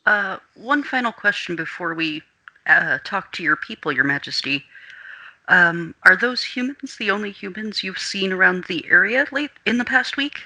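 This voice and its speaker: A man's voice: high voice, expressive, moderate pace, pushed and bright, poor audio. A man playing his character in a tabletop game, speaking earnestly and matter-of-factly. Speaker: player. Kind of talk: in-character tabletop role-play.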